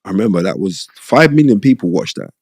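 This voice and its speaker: Gravelly low-voiced man telling stories. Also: big pitch swings, quick pace, a little mellow, dry recording, studio quality. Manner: chatty, with frequent "you know what I mean?" asides. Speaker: former boxer, podcast guest. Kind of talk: casual interview storytelling.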